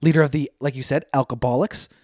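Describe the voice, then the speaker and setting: A man's voice: mid-range voice, fairly even intonation, quick pace, a little mellow, no room sound, studio quality. A young man co-hosting a casual podcast, telling rowdy, profane stories. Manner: rowdy, profane storytelling with mocking impressions. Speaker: podcast co-host.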